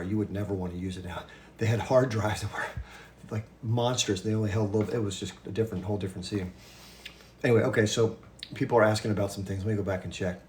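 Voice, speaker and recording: A fast-talking man in his fifties holds a casual livestream chat with his viewers, his voice sitting on the low side. He rushes through his points, breaks off into asides and restarts himself. A faint hiss of noise runs behind him. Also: a little mellow. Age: 50s. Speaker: livestream host.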